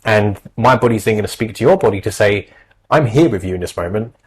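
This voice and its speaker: A man's voice: on the low side, lively intonation, fairly quick, husky, low-quality recording. A man, an anxiety specialist, giving earnest, reassuring advice in a podcast conversation, with lots of fillers.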